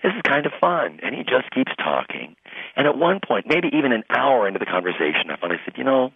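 A man who is a pastor, telling stories in a radio interview with lively retelling of conversations. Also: medium pitch, fast talker, creaky, breathy edge, dry recording. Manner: animated storyteller, acts out quoted voices. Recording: tinny phone-line sound.

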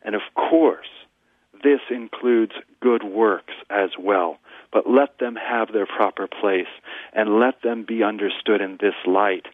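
A man's voice: on the low side, slow pace, no echo. A man, a pastor and guest on a radio show, earnestly teaching scripture and quoting verses at length. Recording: tinny phone line, dry.

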